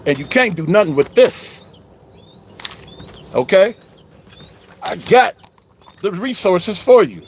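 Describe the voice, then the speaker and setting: A man's voice: sits high, big pitch swings, slow pace, long pauses, slight background noise. A man giving a heated, preachy online call-out, riled up and confrontational, wired on coffee. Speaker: online religious commentator.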